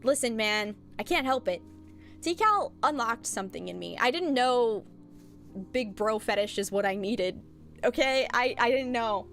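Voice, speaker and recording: High, lively-voiced woman streamer. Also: measured pace, faint music behind. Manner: animated, chatty, laughs often, blunt. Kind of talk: casual chat with viewers.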